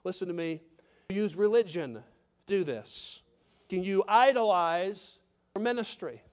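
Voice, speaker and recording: A man's voice: high-pitched, expressive, a little slow. A man pastor preaching a sermon, emphatic, with repetitions and direct questions to the congregation.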